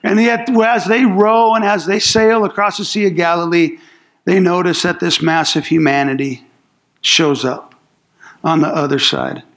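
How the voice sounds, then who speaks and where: A man's voice: high-pitched, measured pace, fairly bright tone. A man preaching a sermon as a pastor, telling the story casually with slang and acting out what people say. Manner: acts out quoted speech in the story.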